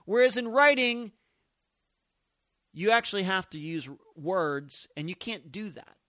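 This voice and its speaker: A man's voice: sits high, expressive, a little slow, a bit bright, dry recording, clean studio sound. A man hosting a solo podcast, thinking aloud in emphatic, musing commentary. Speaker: podcast host.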